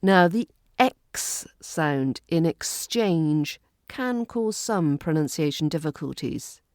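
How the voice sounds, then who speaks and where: A woman with a British accent teaching pronunciation, drilling words and phrases slowly and carefully. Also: low-pitched, lively intonation, darkish tone, no room sound, clean studio sound. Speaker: accent coach. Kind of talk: pronunciation lesson.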